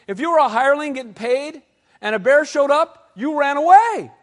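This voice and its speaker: Animated high-voiced preacher in a hall. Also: male voice, moderate pace. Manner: animated, asks the crowd questions. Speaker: pastor. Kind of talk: sermon.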